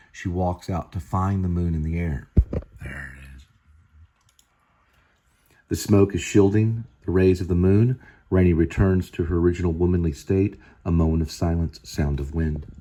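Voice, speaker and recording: A man's voice: deep voice, dark tone. A man reading his own screenplay aloud, stopping often to explain and think aloud.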